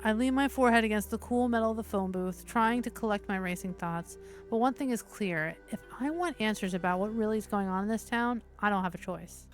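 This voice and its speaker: A mid-range female voice moves a little fast with hardly any pauses, soft music behind it. This stream host reads a visual novel aloud, and her steady narration is broken by casual, cursing comments between passages.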